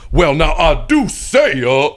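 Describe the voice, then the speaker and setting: A man putting on a chain-smoking old southern cartoon rooster with a gravelly drawl, for a laugh. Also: fairly high pitch, very animated, slow. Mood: pompous.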